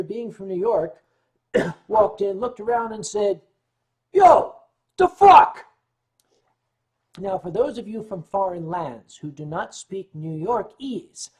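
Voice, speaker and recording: Man, husky voice, livestream host, chatty storytelling, clears his throat a lot, slightly tipsy. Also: sits high, dark tone.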